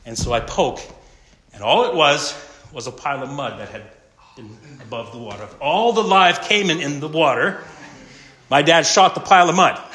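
A middle-aged man preaches to fathers in an easy sermon voice, mid-pitched and steady. He tells his story with sudden loud bursts that drop back to near-hushed asides. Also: a little hiss or hum. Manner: storytelling with wide swings between loud and hushed. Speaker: pastor.

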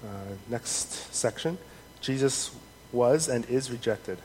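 A man preaching a sermon in an earnest, measured way, reading scripture aloud with rising emphasis. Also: medium pitch, animated. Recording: long hall reverb, faint noise.

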